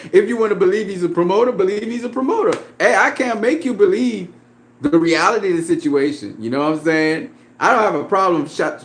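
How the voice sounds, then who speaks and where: A man's voice: mid-range voice, a little hiss or hum. A man in a profane, confrontational casual rant about boxing, laughing often as he talks back at a critic. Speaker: boxing commentator.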